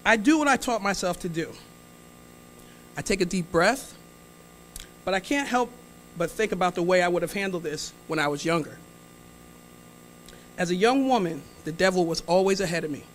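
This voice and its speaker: In a fairly low voice with lively intonation, a woman talks at normal speed, leaving long pauses, as she tells a comic story to a large hall. This guest speaker chats with and teases the audience, prompts them, and plays out the dialogue, with slight background noise.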